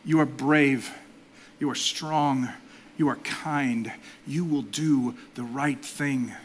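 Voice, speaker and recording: A man in his forties, a pastor preaching a sermon, swinging between loud emphatic exhortation and soft, intimate delivery. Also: medium pitch, fairly even intonation, slow, a little hiss or hum. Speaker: executive pastor.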